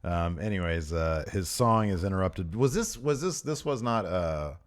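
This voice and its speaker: Laughing, lower-pitched male podcast co-host. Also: normal speed. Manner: laughs often, animated and joking. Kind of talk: casual chat.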